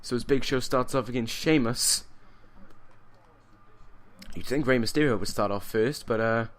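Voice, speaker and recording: Calling a wrestling video game, this man gets excitable, shouting and laughing whenever something big happens, and drifts into rambling, self-correcting tangents. He speaks in a mid-range voice at a normal pace.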